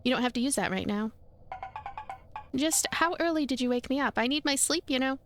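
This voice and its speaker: A woman's voice: sits high, fairly quick. Playful woman commenting on a game. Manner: playful, giggly, talks to herself. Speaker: let's play host. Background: game music.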